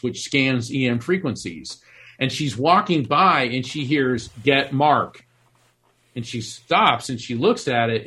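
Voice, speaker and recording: A middle-aged man from Florida tells his story in an interview, earnest and animated. He often restarts his sentences. His voice sits in an ordinary middle register. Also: mid-range voice. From Florida, USA. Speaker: author and psychic medium.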